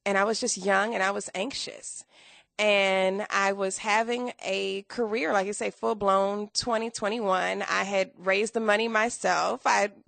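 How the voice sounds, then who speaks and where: A woman in her thirties, a guest telling her story in a casual interview, animated and acting out quoted dialogue. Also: medium pitch, a little slow, gravelly, no echo.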